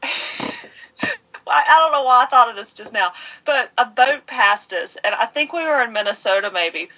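A woman from the American South, co-hosting a podcast in casual chat, lively and quick to laugh. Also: fairly high pitch. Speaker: podcast co-host. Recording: dull, muffled audio.

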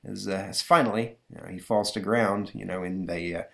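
A man's voice: sits low, steady tone, a little fast, creaky, a bit bright. A man hosting a comic book review podcast, talking hesitantly with many fillers. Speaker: podcast host.

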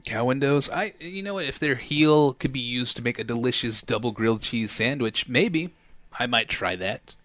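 Male podcast co-host, bright mid voice, wry teasing banter, dry close mic. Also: medium pitch, expressive, moderate pace, no echo. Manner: wry, teasing, stammers with repeats. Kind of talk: casual podcast chat.

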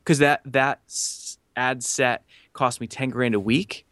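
Animated storytelling man, dry sound. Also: mid-range voice, slow pace, no room sound. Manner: animated, acts out quotes, many fillers. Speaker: podcast guest. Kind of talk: casual storytelling.

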